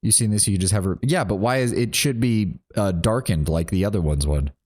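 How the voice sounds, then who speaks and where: A man's voice: on the low side, brisk, a little mellow. A man streaming a role-playing game, chatting casually and reading game dialogue aloud.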